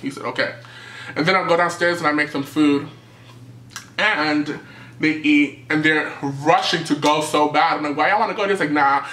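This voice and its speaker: A young man from New City, telling a storytime tale in a lively, animated way and acting out what people said. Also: a little high, normal speed, roomy sound. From New York City. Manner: animated storytelling, acting out quotes, jumps to yelps. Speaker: vlogger. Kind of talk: storytime vlog.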